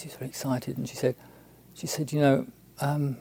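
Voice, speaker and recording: A man, a Buddhist monk, telling a story in a halting, unhurried way with many restarts and fillers. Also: medium pitch, level tone, gravelly, mellow, breathy edge. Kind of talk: storytelling talk.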